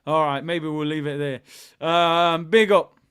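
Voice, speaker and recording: A young man hosts a live football watchalong, talking in a high, bright register. He chats casually to viewers and breaks into excited shouts when the action picks up. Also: slow pace, smooth. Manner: excitable, chatty, bursts into shouts at goals.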